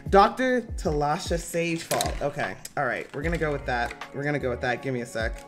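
A man's voice: on the high side, expressive, fairly quick, music in the background. A man hosting a game-design live stream, chatting casually and profanely with his viewers. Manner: casual, joking, profane, talks to chat by name.

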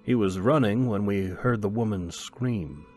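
A man with a very deep voice reads a science fiction story slowly. His storytelling is measured and grave, with soft music playing underneath. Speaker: narrator. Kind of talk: audiobook reading of science fiction.

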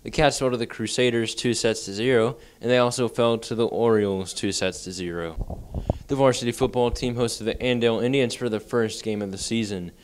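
A man's voice: medium pitch, a little fast, clean tone. A teenage boy reading a scripted school sports recap as a student reporter. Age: teens. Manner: even, read from script. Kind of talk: scripted news read.

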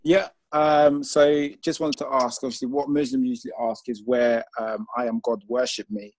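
A British-accented caller puts a question to a debate panel. He speaks in a middle register and is a little halting, restarting his question as he goes. The sound is dry. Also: medium pitch, little pitch movement, dry recording.

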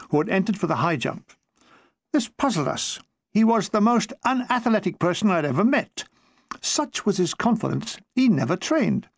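An older man from England reading his own war memoir aloud, with dry comic timing and quick jumps into put-on voices. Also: high voice, creaky, dry recording.

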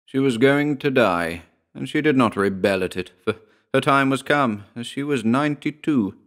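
A man reading a classic macabre tale aloud, in a measured, grave narration. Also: medium pitch, expressive, fairly bright tone. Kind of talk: scripted horror story narration.

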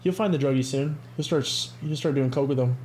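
A man co-hosting a casual podcast chat, animated and profane, often acting out what other people say. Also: mid-range voice, fairly quick, slight background noise. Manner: animated, profane, acts out quoted voices. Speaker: podcast co-host.

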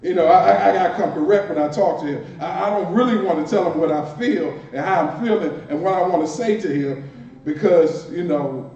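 A man's voice: fairly high pitch, a little mellow. A male minister preaching a conversational sermon with playful asides and repeated words, accented from Washington D.C. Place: church sanctuary. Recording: distant, roomy, dull church recording with faint hiss.

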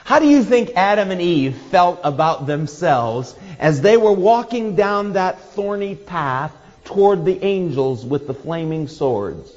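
Expressive male preacher in a hall. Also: high-pitched, measured pace, few pauses. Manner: expressive, acts out quoted voices with laughter. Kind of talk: sermon. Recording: dull hall reverb.

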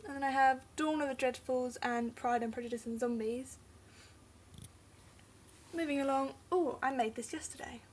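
A woman's voice: high voice, normal speed, long pauses. A young English woman talking casually through her bookcase, rambling and unsure, often trailing off into mumbles. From England. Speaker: book vlogger.

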